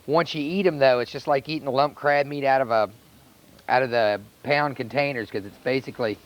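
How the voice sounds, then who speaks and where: A man with a North Carolina accent, a chef talking through a cooking demonstration in a relaxed, plainspoken way. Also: medium pitch, a little fast. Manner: relaxed, plainspoken, step-by-step instruction. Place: outdoor charcoal grill by a house. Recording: dull lo-fi VHS recording.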